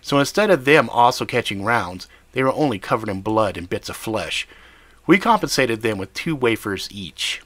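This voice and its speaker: A man's voice: medium pitch, lively intonation, moderate pace, fairly bright tone, no echo. A man narrating a gritty first-person story in a profane, blunt manner. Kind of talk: scripted fiction narration.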